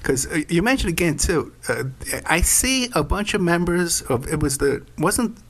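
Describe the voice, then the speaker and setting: A man hosting a casual interview, asking probing questions in an animated way. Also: on the high side, normal speed. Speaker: host.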